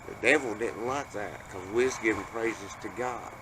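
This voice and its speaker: A man telling a family ghost story in a folksy, profane, animated way. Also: on the low side, moderate pace. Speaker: panel storyteller. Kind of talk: casual storytelling. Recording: noisy background hiss.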